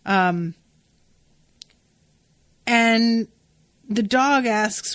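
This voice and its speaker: A woman hosting a casual book recap podcast, animated and exasperated, swearing freely into a close mic. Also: mid-range voice, slow pace, no room sound. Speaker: podcast host.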